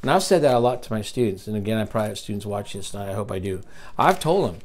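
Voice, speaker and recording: A man's voice: fairly low pitch, expressive, racing, a little mellow. A man hosting a virtual leadership seminar, reading from a book and adding his own comments. He stresses and repeats key lines and puts questions to the listener. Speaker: seminar host and teacher.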